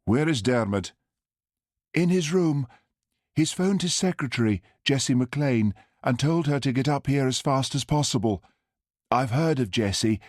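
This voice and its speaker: A man's voice: mid-range voice, lively intonation, unhurried, no room sound, clean studio sound, voice pushed up. A man voicing a chatty, anxious woman who runs a hotel, in an audiobook. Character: worried hotel hostess, woman.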